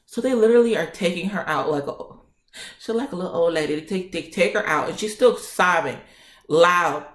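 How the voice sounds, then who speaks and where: Feisty, animated young woman in an echoey room. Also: fairly low pitch, a little fast. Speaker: vlogger. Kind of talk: casual storytime. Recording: roomy echo.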